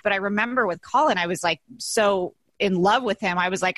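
A woman's voice: medium pitch, a little fast, hardly any pauses, no echo. Woman, 30s, podcast guest, effusive, chatty, dry recording. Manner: effusive, many likes and restarts. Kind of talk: casual interview chat.

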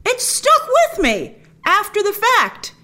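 A woman giving a casual film review to camera, chatty and animated, acting out her own reactions. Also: very high voice, takes it slowly.

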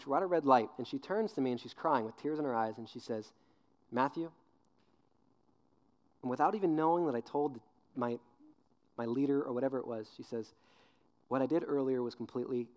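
A man in his twenties preaching a sermon, telling an animated story with acted-out voices, then dropping low and earnest on serious points. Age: 20s. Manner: animated storyteller, acts out voices with big pitch jumps. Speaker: youth pastor.

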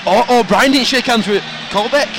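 A man's voice: extremely high pitch, normal speed, background noise. A man co-hosting a podcast live from a football stadium, teasing and laughing as he talks. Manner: lively, giggly, teasing. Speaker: podcast co-host. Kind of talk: casual live banter. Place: outdoor football stadium stands. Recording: stadium music playing behind.

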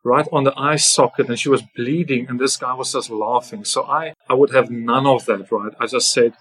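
A man's voice: medium pitch, steady tone, normal speed, hardly any pauses, a bit bright, breathy edge, low-quality recording. A man being interviewed as a podcast guest, telling his story in earnest first person and often ending sentences with "right?". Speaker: podcast guest, former farm worker.

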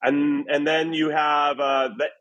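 A man's voice: a little high, little pitch movement, measured pace, a bit bright, muffled recording. A man hosting a casual soccer podcast, upbeat and playful as he runs a word quiz with his co-hosts over a video call. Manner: upbeat, playful quizmaster banter. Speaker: podcast host. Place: away from his usual recording spot.

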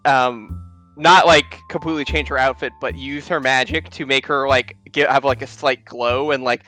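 A man's voice: mid-range voice, steady tone, moderate pace, sharp tone, faint music behind. A man playing a tabletop game, describing his character's actions in long rambling sentences. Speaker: player.

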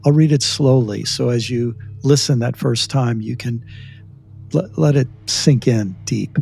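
A man hosting a podcast, leading a closing meditation with a slow, gentle, deliberate reading and long pauses. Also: mid-range voice, vocal fry, breathy edge. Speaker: podcast host. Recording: faint music underneath.

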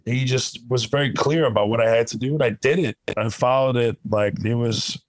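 A man from Kuwait, a comedian guest, telling stories in an animated, casual way full of "like" fillers. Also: medium pitch, fairly quick, no room sound, low-quality recording. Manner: animated, lots of "like" fillers, chuckles while talking. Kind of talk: conversational storytelling.

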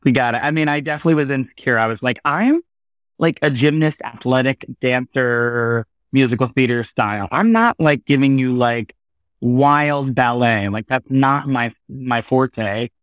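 A man in his thirties chats as an interview guest in a mid-range voice. He tells stories with animated asides and quick shifts of pace. The sound is dry and close, with no room echo. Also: mid-range voice. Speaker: guest, Broadway performer. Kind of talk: casual interview chat.

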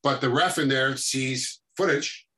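A man's voice: medium pitch, a little slow. A man, a guest who referees MMA and once fought, talking in a casual interview and acting out fight scenes as he tells them. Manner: animated storytelling that acts out fight scenes.

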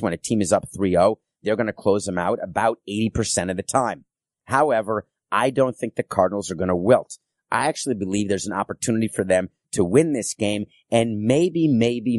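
A middle-aged man hosting a solo sports podcast, telling stories in a chatty way with quick asides. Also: lowish voice, a little mellow, dry recording, clean studio sound.

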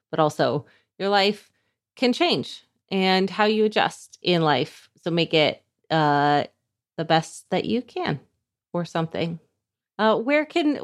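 Woman podcaster, middle pitch, playful, teasing, relaxed chat. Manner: playful and teasing, plugs her shows. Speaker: podcast host.

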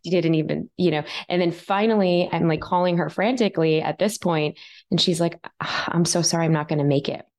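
A woman guest in her thirties tells a story on a podcast with animated energy. Her voice sits a little low, and she jumps into acting out the things she and others said. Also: fairly quick. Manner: animated, acts out her own quoted lines. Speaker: guest author.

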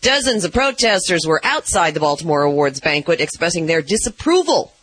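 A man's voice: a little high, sing-song, fairly quick, fairly bright tone, husky, no echo. A man reading a radio news update with a wry delivery. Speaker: news reader.

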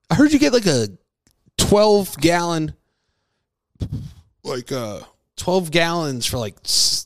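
A man hosting a comedy podcast, rambling playfully with plenty of swearing and now and then dropping to a hushed voice. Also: fairly high pitch, dry recording, clean studio sound. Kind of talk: improvised comic singing and rambling chat.

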